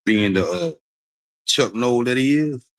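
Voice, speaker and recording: A man's voice: medium pitch, measured pace, dry recording, rough recording. A man talking casually and repetitively to his stream audience, with frequent laughs. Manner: animated, repetitive, preachy, laughs often. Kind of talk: casual livestream talk.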